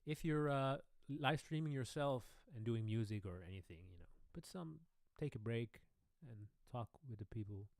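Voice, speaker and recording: A man, a pianist casually answering questions on his own live stream Q&A, relaxed and rambling. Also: mid-range voice, normal speed, hardly any pauses, no room sound, studio quality. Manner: relaxed, rambling, chuckling asides. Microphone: studio microphone.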